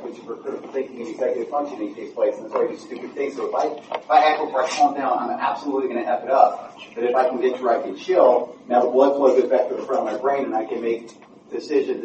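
A father earnestly reflecting on his anger and what he has learned about calming down. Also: mid-range voice, highs cut off. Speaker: discussion participant. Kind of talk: reflective personal sharing. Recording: echoey room, distant mic, background noise.

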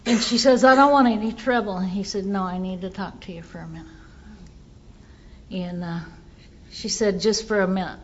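A woman's voice: fairly low pitch, fairly even intonation, normal speed, long pauses, highs cut off, slight background noise. Earnest woman telling a recovery story. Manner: earnest storytelling, quotes others in dialogue. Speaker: recovery speaker sharing her story. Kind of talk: personal testimony talk.

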